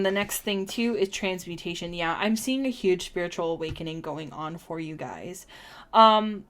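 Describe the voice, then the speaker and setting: A woman giving a chatty, rambling oracle card reading on a live stream, with many ums and restarts. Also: fairly low pitch. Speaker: tarot reader.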